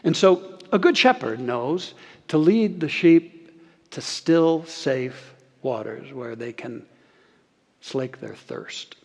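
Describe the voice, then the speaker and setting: A man's voice: mid-range voice, expressive, gravelly. Earnest male pastor in a reverberant sanctuary. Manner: earnest, slows and softens on key phrases, leads congregation in repeating. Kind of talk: sermon. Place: church sanctuary. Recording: long hall reverb.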